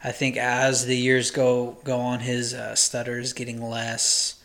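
A man's voice: mid-range voice, monotone, measured pace, fairly bright tone. A man co-hosting a casual podcast, musing in a rambling, hesitant way with many ums. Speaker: podcast co-host. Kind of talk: casual chat.

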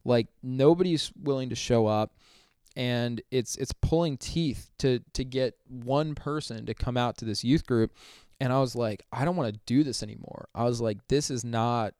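A young man, a youth minister, telling a story in a casual interview, animated and full of "like" fillers, acting out quotes. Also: medium pitch, a little slow, smooth, no echo, clean studio sound. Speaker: youth minister and podcast guest.

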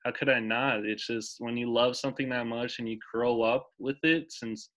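Bright-voiced man in his twenties, enthusiastic. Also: mid-range voice, steady tone, normal speed, rough recording. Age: 20s. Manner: enthusiastic, emotional, rambling with restarts. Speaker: podcast co-host. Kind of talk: casual chat.

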